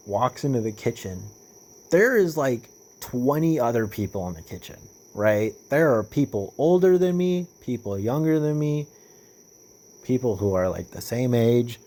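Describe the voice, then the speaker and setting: A man's voice: mid-range voice, slight background noise. Rambling, profane young man vlogging. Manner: rambling, profane, with many fillers and restarts; animated when retelling stories. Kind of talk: casual monologue.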